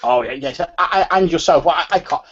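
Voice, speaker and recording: A man voicing a frail, rambling old nobleman who stammers and repeats his words in a high, quavering voice. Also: brisk, a bit bright, slightly rough, lo-fi sound.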